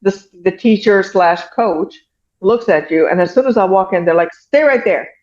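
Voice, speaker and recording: A woman's voice: mid-range voice, normal speed, a little mellow. A middle-aged woman from an Iranian American background, a guest telling a story in casual chat and acting out what other people said. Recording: muffled dull audio.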